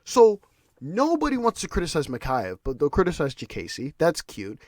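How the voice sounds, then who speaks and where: A man's voice: a little high, huge pitch swings, moderate pace, no room sound, clean studio sound. A man hosting a podcast, ranting in casual solo commentary with restarts and repeated words. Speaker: podcast host.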